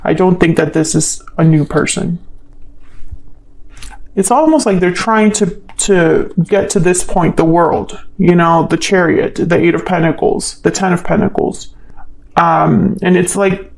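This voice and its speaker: A woman's voice: lowish voice, steady tone, measured pace, a little mellow, rough recording. A woman giving a solo tarot love reading, thinking aloud in a hesitant way and asking the cards questions as she goes. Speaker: tarot reader.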